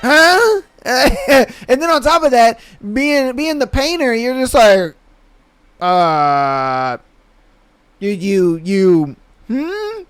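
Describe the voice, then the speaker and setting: A man's voice: very high-pitched, big pitch swings, drawn-out words, a bit bright, a little hiss or hum. A young man hosting a casual solo podcast, talking in a laid-back, slangy way and laughing often. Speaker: podcast host.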